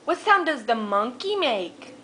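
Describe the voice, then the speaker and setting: A woman's voice: fairly high pitch, big pitch swings, measured pace, very noisy. A woman at home talking sing-song baby talk to a toddler, patiently coaxing and repeating her questions. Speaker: parent teaching a toddler.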